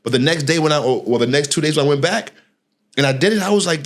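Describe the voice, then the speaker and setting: A middle-aged man hosting a podcast, telling a personal story in a casual, slangy, animated way and often restarting his phrases. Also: fairly high pitch, fast. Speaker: podcast host.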